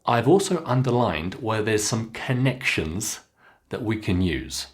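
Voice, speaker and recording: A man with a British English accent teaching pronunciation, saying single words slowly and clearly for learners to repeat. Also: lowish voice, lively intonation. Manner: slow, clearly enunciated drilling of single words. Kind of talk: follow-along pronunciation lesson.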